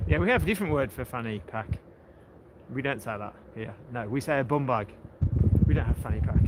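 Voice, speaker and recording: Walking a coastal path on a livestream, an English-accented man keeps up chatty, joking conversation and laughs a lot. His voice is fairly high and expressive at a normal speed, and outdoor sounds can be heard behind him.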